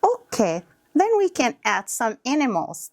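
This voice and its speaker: A woman teacher showing a toddler play activity, speaking in slow, simple, encouraging words. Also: on the high side, huge pitch swings, dry recording, studio quality. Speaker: early childhood teacher.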